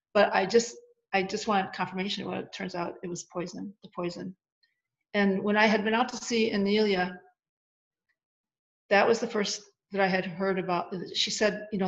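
A woman's voice: mid-range voice, a little fast, vocal fry. A middle-aged woman telling a personal story as an interview guest, acting out quoted dialogue as she goes. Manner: animated retelling with quoted dialogue. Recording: lo-fi muffled audio.

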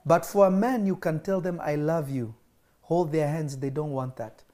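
A man teaching a small group about love and the Bible, answering questions in a lively, storytelling way. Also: a little high, normal speed. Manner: lively storytelling, quotes others.

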